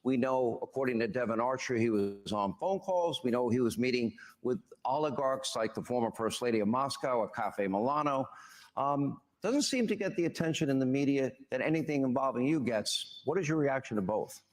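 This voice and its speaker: A man's voice: mid-range voice, lively intonation, moderate pace. Male host asking pointed questions. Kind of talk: interviewing.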